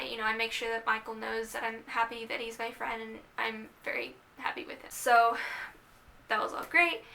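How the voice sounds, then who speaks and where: A young woman casually telling the story of how she started dating, chatty and animated, quoting herself and others as she goes. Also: fairly high pitch. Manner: chatty, animated retelling with quoted asides. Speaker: vlogger.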